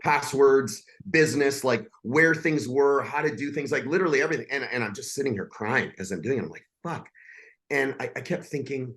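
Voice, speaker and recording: A man's voice: mid-range voice, expressive, fairly quick, fairly bright tone. A man in his forties, a podcast guest, telling a personal story in a blunt, intense and profane way.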